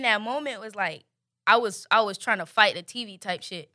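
A young woman, casually telling a profane, animated story and acting out the quotes. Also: medium pitch, normal speed, no echo, clean studio sound.

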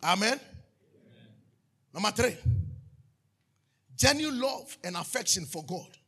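A man preaching a sermon as pastor, swinging from sudden shouts to hushed asides. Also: high-pitched, big pitch swings, takes it slowly, slightly rough.

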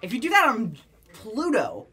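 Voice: medium pitch, huge pitch swings, moderate pace, over music. A young adult telling rambling stories in casual chat, heavy on the filler "like".

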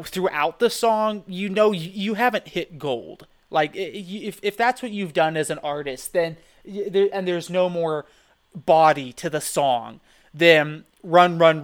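A man co-hosting a podcast, rambling in animated, loose chat with lots of restarts. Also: sits high, smooth. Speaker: podcast co-host. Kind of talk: casual chat.

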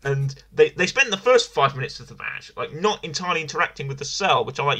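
A man with a bright, forceful voice talks through a wrestling review in loose, casual podcast chat. He circles back on his own phrases, restarting and repeating as he goes. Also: fairly high pitch, lively intonation, quick pace. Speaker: podcast co-host.

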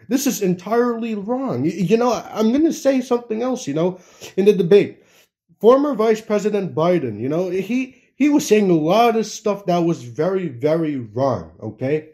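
Rambling young man with a mellow voice. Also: high-pitched, big pitch swings, normal speed. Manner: rambling, laughing, many fillers and restarts. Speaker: political commentator. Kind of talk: casual political rant.

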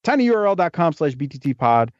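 A man's voice: fairly high pitch, big pitch swings, fast, no room sound. A man talking as a podcast guest, telling wrestling stories in a loose, chatty, joking way. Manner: talkative, storytelling, jokey asides. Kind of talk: casual interview chat. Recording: dull lo-fi dry podcast audio.

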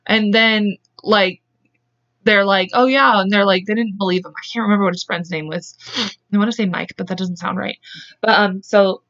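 A podcast co-host tells a true-crime story in a casual, chatty style, laughing often and doing voices for the people's lines. Her voice has a medium pitch and fairly even intonation at normal speed, with a fairly bright tone, and the highs are cut off.

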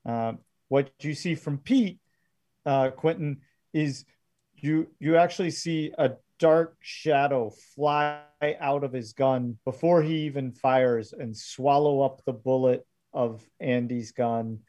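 Slow, mellow-voiced male game master. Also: mid-range voice, steady tone. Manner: halting, filler-heavy narration. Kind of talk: narrating a tabletop game.

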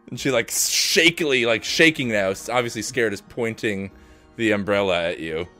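Low-voiced gm guy narrating, bright tone, lots of likes and uhs, faint music. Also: normal speed. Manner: loose, filler-heavy narration. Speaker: game master. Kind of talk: narrating a tabletop game.

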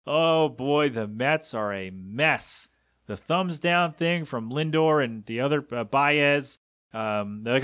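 Here a man hosts a casual solo sports podcast, his medium-pitched, slightly bright voice moving at a moderate pace. He wanders into asides and corrects himself often, recorded dry with clean studio sound.

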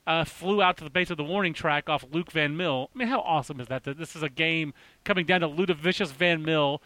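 Excitable guy, bright higher voice, dry close mic, rattles on about baseball. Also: dry recording. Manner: excitable, rapid, full of restarts. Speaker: baseball podcast host. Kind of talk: casual sports chat.

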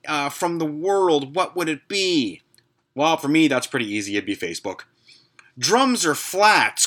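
A man's voice: on the high side, fairly bright tone. A man hosting a podcast, ranting casually and sarcastically with plenty of swearing. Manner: profane, sarcastic, grumbling. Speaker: podcast host.

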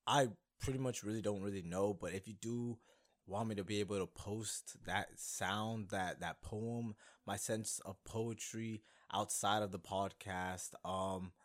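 A young man hosting his own podcast, talking casually and rambling excitedly, with many fillers and restarts. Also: on the low side, measured pace. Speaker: podcast host. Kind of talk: casual solo podcast talk.

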